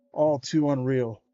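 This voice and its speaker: A man hosting a livestream, reading a children's horror book aloud with small stumbles along the way. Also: on the high side. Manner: steady read-aloud with small stumbles and slangy asides. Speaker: livestream host. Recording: dull lo-fi stream audio.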